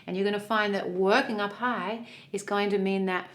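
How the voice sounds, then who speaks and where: A woman's voice: mid-range voice, steady tone, moderate pace. A woman who sings soprano, coaching vocal exercises in an encouraging, easygoing way. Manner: encouraging, loose instructional talk with fillers. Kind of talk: guided vocal exercise lesson.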